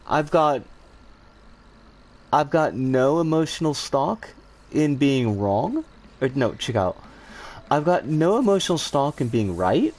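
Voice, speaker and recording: A man streaming and chatting casually, answering viewer comments in a rambling, animated way with some swearing. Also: fairly high pitch, measured pace, long pauses.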